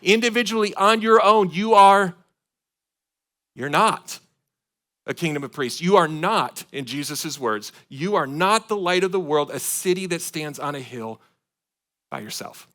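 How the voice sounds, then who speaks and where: A man from Michigan preaching a sermon to his congregation, swinging between loud emphatic points and quiet asides. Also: on the high side, lively intonation, measured pace. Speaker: pastor. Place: church sanctuary.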